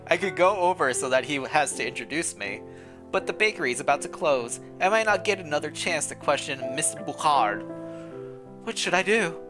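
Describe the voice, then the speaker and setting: A man's voice: on the high side, lively intonation, normal speed, music in the background. A man streamer reading a story game aloud with playful commentary, laughing often between the lines.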